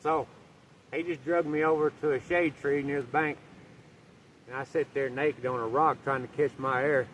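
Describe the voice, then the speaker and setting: A man's voice: medium pitch, fairly even intonation, normal speed, a bit bright. A man telling a rambling, folksy story outdoors while walking his dog, swearing casually. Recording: distant mic, faint outdoor noise.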